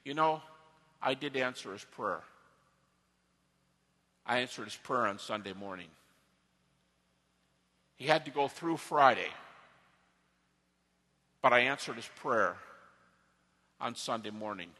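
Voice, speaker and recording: A man voicing God in an imagined conversation, speaking low and gently in an auditorium. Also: lively intonation, slow, pauses often, long reverb tail, heavily acted. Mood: reassuring. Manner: low, quiet, gentle reassurance.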